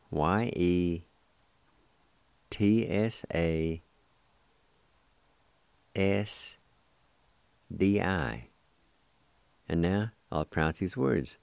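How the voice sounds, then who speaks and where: A man hosting a radio language lesson, spelling words letter by letter and repeating each word slowly. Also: sits low, vocal fry, a little mellow, clear, resonant tone, dry recording. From United States. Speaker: language teacher and radio host.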